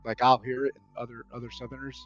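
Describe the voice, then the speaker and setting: An easygoing man from the American South with a Southern accent, rambling along in casual chat. His pitch is middling. The sound is a bit dull and lo-fi, with faint music behind him. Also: little pitch movement, quick pace, a bit bright. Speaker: guest.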